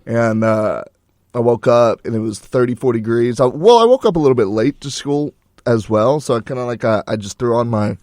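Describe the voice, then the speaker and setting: A man's voice: medium pitch, lively intonation, a little fast, darkish tone, no echo. A young man co-hosting a college radio show in a studio, chatting in an easygoing, rambling way and laughing often. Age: young adult. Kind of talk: casual chat. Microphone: studio mic.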